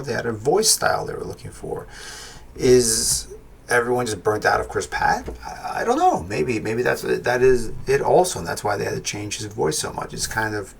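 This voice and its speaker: A man's voice: fairly low pitch, vocal fry, breathy edge. Man, film reviewer, rambling, self-correcting, casual talk.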